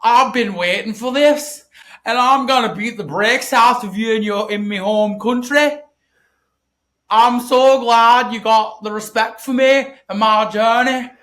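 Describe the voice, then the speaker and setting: A man's voice: very high voice, pitched above the performer's own voice. A man doing a brash woman wrestler. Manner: loud, drawn-out, swaggering threats.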